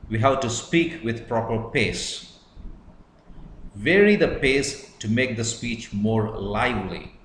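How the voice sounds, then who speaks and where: A man giving a measured lecture on public speaking, stressing words to demonstrate emphasis. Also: lowish voice, animated, fairly bright tone, roomy sound, slight background noise, low-quality recording. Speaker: English teacher. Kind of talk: slow deliberate lecture.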